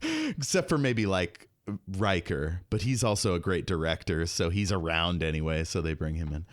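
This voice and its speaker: Deep and sing-song, his voice carries a relaxed podcast chat full of jokes and easy laughter. He's the host, and the studio recording is clean with no room sound.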